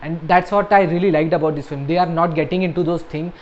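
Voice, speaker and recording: A young man giving a casual, jokey film review, with flat deadpan asides. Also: a little high, quick pace. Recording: slightly dull home recording with faint ambience.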